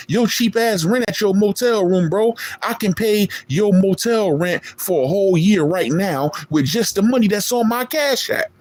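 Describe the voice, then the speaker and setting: A man's voice: sits high, darkish tone. A man, streaming a boastful, profane callout rant at a rival in street slang. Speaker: online streamer.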